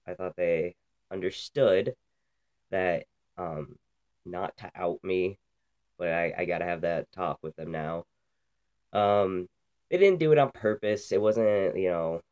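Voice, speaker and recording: A man's voice: low voice, darkish tone. A young man from Canada, hosting a casual vlog while sick, talking bluntly and profanely with lots of ums. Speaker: vlog host.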